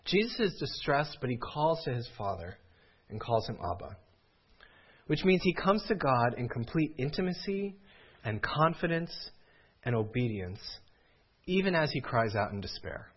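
Husky-voiced man preaching with lively pitch. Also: normal speed, lo-fi sound. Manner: earnest preaching, rising to pleading cries. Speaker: pastor. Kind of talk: sermon.

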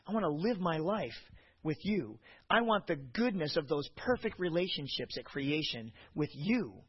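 A middle-aged man delivering a sermon in a husky, slightly breathy voice that rises and falls with lively, animated pitch. He weaves personal anecdotes into his preaching and swings from hushed reflection to loud emphasis. The recording is dull and lo-fi. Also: normal speed. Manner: anecdotal storytelling. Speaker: pastor.

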